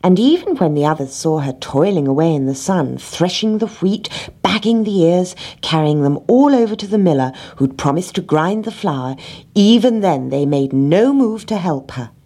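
Woman, children's story reader, gentle, expressive, low voice, husky. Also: moderate pace. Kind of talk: reading a children's story aloud.

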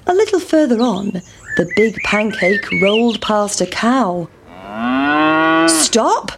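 A woman reading a children's story aloud, slow and clear. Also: medium pitch, animated, background noise.

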